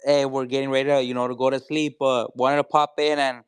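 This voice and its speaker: A man's voice: medium pitch, flat delivery, a little fast, clean tone, no room sound. A man from Mexico with a Mexican accent, calling into a talk show and speaking earnestly with many fillers. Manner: earnest, filler-heavy, with many "you know"s. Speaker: caller. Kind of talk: casual call-in chat.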